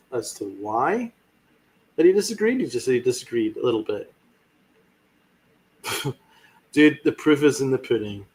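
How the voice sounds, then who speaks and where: A man's voice: mid-range voice, breathy edge. A man hosting a sports podcast, ranting with fiery sarcasm and heavy swearing. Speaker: podcast host.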